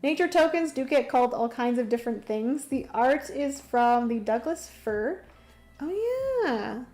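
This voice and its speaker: A woman's voice: high voice, very animated, measured pace, soft background music. A young woman livestreaming a solo board game, thinking aloud through her moves and chatting with viewers. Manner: chatty, thinks aloud while playing, greets chat warmly.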